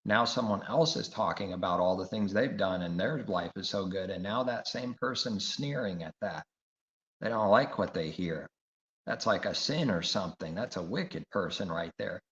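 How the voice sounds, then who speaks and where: Gravelly low-voiced male preacher. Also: normal speed, a bit bright. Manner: emphatic, repetitive, rhetorical questions. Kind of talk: sermon. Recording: echoey room, dull lo-fi sound.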